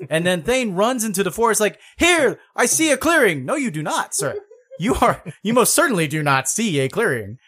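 A man reviews a low-budget fantasy film with friends in loose, joking chat. His pitch swings widely as he mocks the characters' lines. He keeps the tone playful and sarcastic. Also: brisk, husky. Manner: animated, mocks lines in exaggerated voices. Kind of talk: casual movie review chat.

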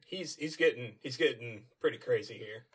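A man co-hosting a casual chat, chiming in with quick, wry asides during a plot recap. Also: mid-range voice, husky. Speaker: podcast co-host.

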